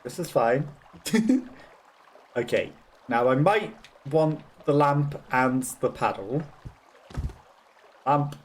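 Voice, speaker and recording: Here a young West Midlands man with a Black Country accent speaks slowly at medium pitch, animated but pausing often, over a little hiss or hum. He's streaming a game, chatting casually, laughing a lot and mocking himself.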